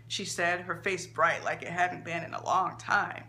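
A woman author reading her own short story aloud in an expressive, measured storytelling manner. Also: lowish voice.

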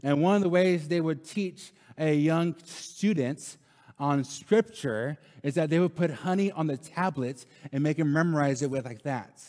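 A man's voice: on the high side, measured pace, a little mellow, big-room sound. A man in his thirties preaching a sermon in a casual, conversational way, often tagging "right?" and repeating lines for emphasis. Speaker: pastor. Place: church sanctuary.

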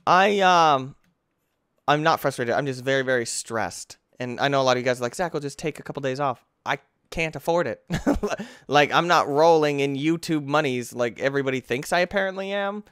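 A young man from the United States giving let's play commentary as a gaming YouTuber, easily frustrated, talking to the game and bursting into yells. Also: medium pitch, normal speed, smooth, dry recording, studio quality.

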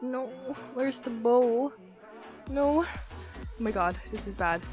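Young woman, gameplay commentary, hyper and giggly, retainer-tinged speech, fairly high voice, faint game music behind. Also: slow. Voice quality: slightly altered pronunciation from a retainer. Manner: hyper, giggly, excitable, swings between loud shrieks and muttering. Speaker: gaming YouTuber. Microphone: desktop mic, no face cam.

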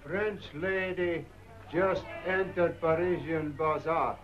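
An actor playing a lookout who reports in clipped, slow phrases and drops his articles, in 1930s film acting. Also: on the high side, steady tone, a crowd in the background. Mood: reporting. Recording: dull 1930s soundtrack from off-mic.

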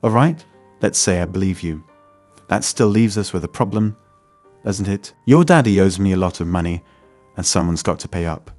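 A man's voice: low voice, lively intonation, moderate pace, a little mellow, no echo, soft background music. A man reading the part of a menacing middle-aged loan shark who snarls his threats.

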